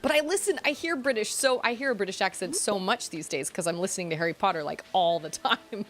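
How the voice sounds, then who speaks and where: A woman streaming a game, chatting casually, giggling and thinking out loud as she plays. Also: medium pitch, quick pace. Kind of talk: casual gameplay streaming chat.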